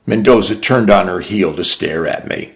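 A man's voice: deep voice, moderate pace, gravelly. A man narrating a novel in the first person with a dry, wry storytelling manner. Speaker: audiobook narrator.

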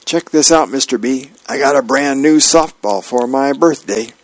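A man's voice: normal speed, dry recording, lightly acted. A man voicing a cheerful, eager young boy from a comic strip, read with a chirpy, raised voice. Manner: bright, chirpy, raised pitch.

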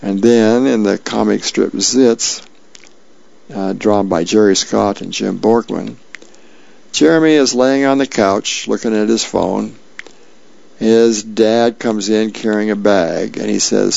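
Male radio reader, low and gravelly, casual delivery, dull lo-fi sound. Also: fairly even intonation, measured pace, a little mellow, dry recording. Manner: casual, with fillers. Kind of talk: reading newspaper columns and comics aloud.

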